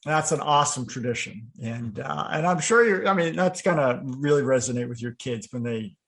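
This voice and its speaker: A man's voice: medium pitch, moderate pace, vocal fry. A man co-hosting a podcast, chatting casually and expressively, teasing his co-host. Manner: expressive, teasing, frequent laughs. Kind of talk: casual chat.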